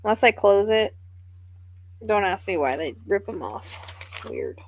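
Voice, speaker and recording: A woman's voice: medium pitch, wildly swooping pitch, a little slow, slight background noise. A woman psychic medium giving a live reading, thinking aloud in a musing, tentative way.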